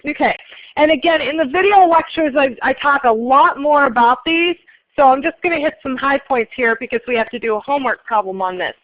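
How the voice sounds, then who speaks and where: A woman teaching an accounting class, briskly polling students and explaining answers. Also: high voice, expressive, dry recording, muffled recording. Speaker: accounting instructor. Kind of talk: classroom lecture.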